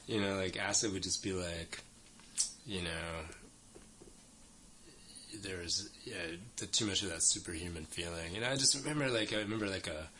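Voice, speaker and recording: A man telling a wild story on a podcast, swearing freely and animated. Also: deep voice, normal speed, pauses often, slight background noise, poor audio. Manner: animated storyteller, swears, laughs through lines. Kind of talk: casual podcast chat.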